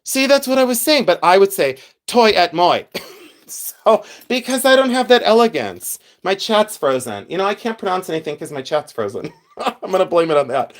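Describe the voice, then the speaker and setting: A man's voice: high voice, big pitch swings, moderate pace. A middle-aged man from Ohio hosting a live stream, chatting casually with viewers, laughing often and poking fun at himself. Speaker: livestream host.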